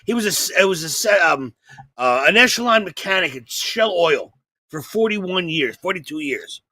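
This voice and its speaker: A man hosting a comedy podcast, telling a long story in an animated, profane way and acting out the people in it. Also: high voice, normal speed, no echo. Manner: animated, profane, acts out voices.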